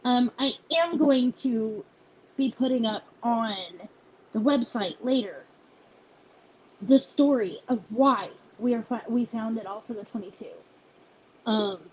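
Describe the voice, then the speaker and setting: A woman who leads a volunteer group, speaking in a halting, emotional personal message with many restarts, close to tears. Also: a little high, a little mellow, breathy edge, lo-fi sound.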